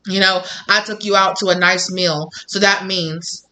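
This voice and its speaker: A tarot reader talks straight to the viewer in a loose, unscripted reading. The voice sits at a middle pitch with a bright, forward edge. They speak bluntly, swear often, and slip into the voices of the people they describe. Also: fairly even intonation, normal speed. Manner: blunt and profane, acts out quoted people. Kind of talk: casual tarot reading to camera.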